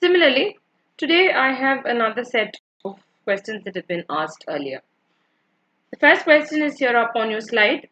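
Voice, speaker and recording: A woman delivers an online English literature lecture at normal speed, her fairly high voice swinging widely in pitch with a bright, forceful tone. She explains patiently, goes back over points and checks on her students. The sound is muffled.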